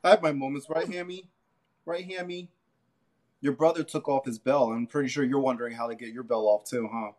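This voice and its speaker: A man co-hosting a casual podcast chat, speaking in a gentle, encouraging, playful way. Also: medium pitch, fairly even intonation, quick pace, hardly any pauses. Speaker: podcast co-host.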